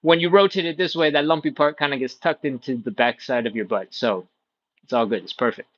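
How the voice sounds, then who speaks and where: A man's voice: medium pitch, brisk, a bit bright, muffled recording. A man leading a live stretching workout, explaining each step in an encouraging, playful way. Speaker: stretching instructor.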